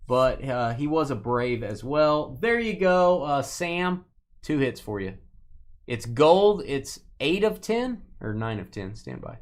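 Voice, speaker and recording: A man hosting a live trading-card break, calling out cards and playfully teasing viewers by name. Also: on the high side. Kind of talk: casual live-stream commentary.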